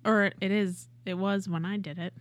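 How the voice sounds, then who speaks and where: A woman's voice: medium pitch, steady tone, moderate pace, no room sound. A woman co-hosting a casual podcast chat, giggly and playful. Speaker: podcast co-host.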